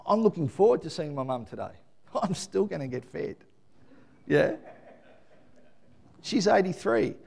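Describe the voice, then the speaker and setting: A man with a strikingly high voice delivers a sermon, middle-aged and lively. He slips into soft, low asides and then climbs into loud, emphatic shouting. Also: a little slow, gravelly, pauses often. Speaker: pastor. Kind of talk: Mother's Day sermon.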